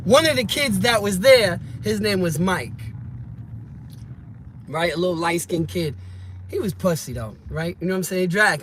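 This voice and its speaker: A man telling a rambling, slangy street story that grows loud and heated. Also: a little high. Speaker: vlogger telling stories. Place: car and street in the city. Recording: loud traffic and street noise.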